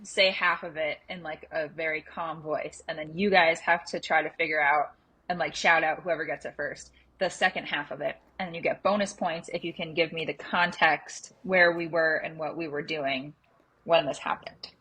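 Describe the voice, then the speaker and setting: Young woman, husky low voice, casual podcast co-host, animated, laughs a lot. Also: moderate pace, rough recording. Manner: animated, laughs often while telling stories. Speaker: podcast co-host running a game.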